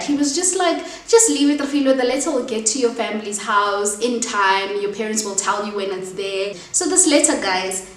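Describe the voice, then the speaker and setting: Young south african woman vlogging, emotional and chatty, kinda high voice, roomy echo from a bit away. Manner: emotional, chatty, addresses viewers as guys. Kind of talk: personal storytelling vlog. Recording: echoey room, distant from mic, faint ambience.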